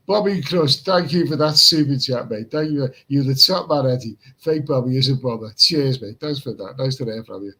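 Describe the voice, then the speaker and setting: A man's voice: mid-range voice, fairly quick, hardly any pauses, sharp tone, poor audio. A man hosting a late-night livestream and reading chat comments in a casual, rambling way. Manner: rambling, repeats himself, chuckles at chat comments. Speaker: livestream host. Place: room in Pattaya at night.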